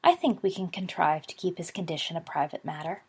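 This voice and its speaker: A serene elderly wizard, courtly and softly assured, read by a woman. The voice carries a gravelly edge and a husky, breathy grain. It is an audiobook-style reading of a story. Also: fairly low pitch, brisk. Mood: calm, assured. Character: elderly calm twinkling male wizard headmaster.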